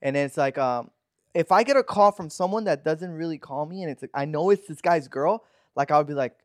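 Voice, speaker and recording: A man's voice: a little high, brisk, dry recording, clean studio sound. A man in a casual chat, laid-back, using lots of fillers and laughing easily.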